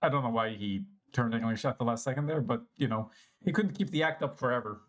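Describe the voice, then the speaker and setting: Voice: medium pitch, fast. A streamer commenting casually while playing a game, rambling and mocking themselves, with some swearing. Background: game music.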